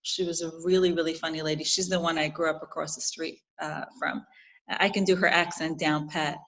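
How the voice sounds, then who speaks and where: Brooklyn woman, New York accent, lowish voice, animated storyteller, guest interview. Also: fairly quick, low-quality recording. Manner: animated storytelling, frequent restarts. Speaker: guest, jewelry designer. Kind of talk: casual interview.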